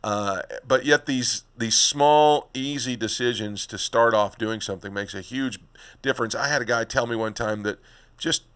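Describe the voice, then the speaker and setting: A man's voice: fairly low pitch, a bit bright. A middle-aged man hosting a podcast interview. He talks in a conversational way and often repeats words as he starts his thoughts. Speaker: podcast host.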